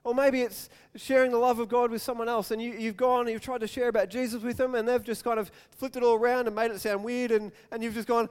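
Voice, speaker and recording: High-voiced pastor in a reverberant hall. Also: male voice, flat delivery, fast talker, few pauses, clean tone. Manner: storytelling, acts out quotes with sudden loud raised-pitch outbursts. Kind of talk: sermon.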